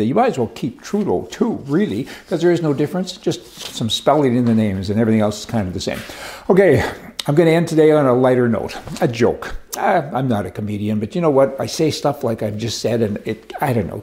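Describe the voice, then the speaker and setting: A man's voice: medium pitch, warm tone. A man from Canada giving casual political commentary, with sardonic, joking asides.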